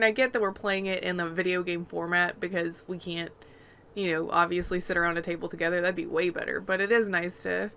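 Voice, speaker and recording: A woman's voice: fairly low pitch, creaky, a bit bright. A woman co-hosting a gaming podcast, telling rambling, chatty stories in casual conversation. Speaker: podcast co-host.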